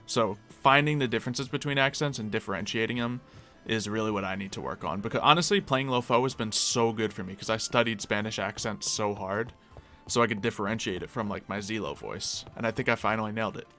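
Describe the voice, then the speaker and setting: A man's voice: fairly low pitch, a little fast, bright, forceful tone, soft background music. An American man streaming live, chatting casually and answering requests from his chat. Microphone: desk mic.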